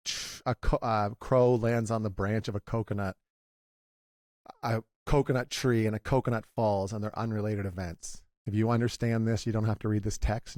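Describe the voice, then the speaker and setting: A man in his forties speaks as a guest in a candid conversation, his low voice rough with fry. He talks in a halting, confessional way, often circling back and restarting. The sound is dry and close. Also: darkish tone, no echo. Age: 40s.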